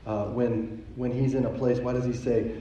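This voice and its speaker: A man's voice: mid-range voice, level tone, normal speed, mellow, slight background noise. A man preaching a sermon as pastor, telling a story in a conversational way and often repeating words as he goes. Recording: echoey, dull sound from a distant mic.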